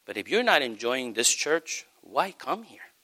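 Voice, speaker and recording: A man preaching a sermon as pastor, emphatic, swinging between shouts and soft asides. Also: medium pitch, big pitch swings, a little slow.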